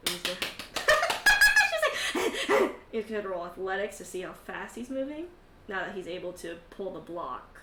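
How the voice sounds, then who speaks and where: A woman's voice: on the low side, roomy sound, very noisy. A woman narrating a tabletop game as game master, laughing often and swearing casually between filler words.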